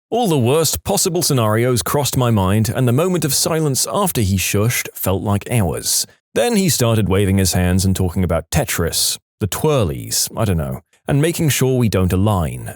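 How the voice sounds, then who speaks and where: A man narrating reddit stories aloud, with lively delivery that jumps into quoted voices. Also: dry recording, studio quality. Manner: lively, acts out quoted lines with big pitch jumps.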